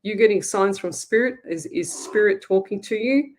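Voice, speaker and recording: A woman's voice: medium pitch, moderate pace, slight background noise. Chatty Australian woman giving readings. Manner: chatty, rambling, direct advice-giving. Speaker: psychic medium radio host. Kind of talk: casual live-stream reading.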